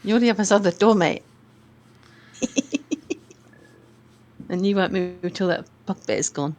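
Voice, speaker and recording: Lady player, slow unhurried talk, dry wry jokes on a call. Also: mid-range voice, a little mellow. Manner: dry, wry banter with light swearing. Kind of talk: casual chat over voice call.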